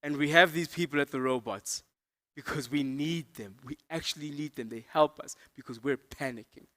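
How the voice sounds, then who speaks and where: Man, comedian host, playful teasing delivery, bright forceful voice. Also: a little high, moderate pace. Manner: playful, teasing, exaggerated storytelling. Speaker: comedian hosting an awards event. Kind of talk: stand-up comedy.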